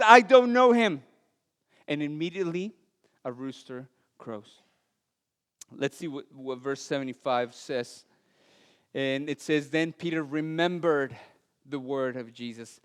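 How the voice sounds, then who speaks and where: In an unhurried, clear and resonant voice, a male pastor with a non-native Latin American accent delivers a sermon in a church sanctuary. Earnest stories and light self-deprecating humor fill it, and his voice sinks soft and low on the weightier lines. Long hall reverb colors the recording.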